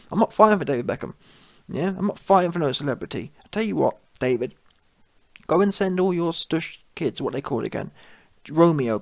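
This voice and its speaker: A man's voice: fairly high pitch, no room sound, clean studio sound. A man giving a blunt, mocking opinion monologue as a channel host, laughing at his own points.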